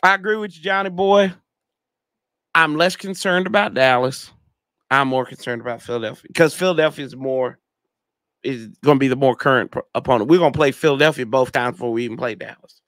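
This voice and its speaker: A man's voice: medium pitch, brisk, a bit bright, no echo. A man hosting a casual sports fan livestream, rambling in slangy talk and reading chat comments aloud. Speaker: podcast host reading live chat.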